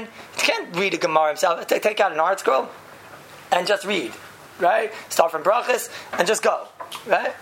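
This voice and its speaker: A man telling an animated story to listeners, laughing often and acting out the people in it. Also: high voice, normal speed, slight background noise. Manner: lively, laughing, acts out voices, frequent "right?". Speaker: speaker telling a story to a group.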